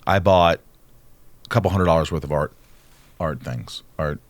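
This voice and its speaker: A man, a podcast guest, telling a personal story in casual chat, animated and swearing freely. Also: rumbling low, moderate pace, no echo. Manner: animated, acts out dialogue, swears a lot.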